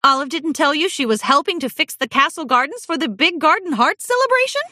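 A woman's voice: high-pitched, lively intonation, brisk, bright, forceful tone, no room sound, clean studio sound, voice pushed up. A woman voicing a cheerful, talkative young mare in a storybook reading, with a bubbly, eager manner.

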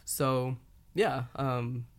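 A woman's voice: very deep voice, fairly even intonation, drawn-out words. A woman guest in a casual interview, chatting in a self-conscious way with lots of filler words. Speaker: guest, audio content creator.

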